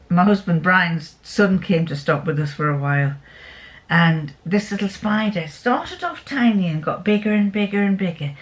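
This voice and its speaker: Chatty woman, casual vlogger. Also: medium pitch. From England. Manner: chatty, rambling storyteller with fond diminutives. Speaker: sewing vlogger. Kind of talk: casual chat.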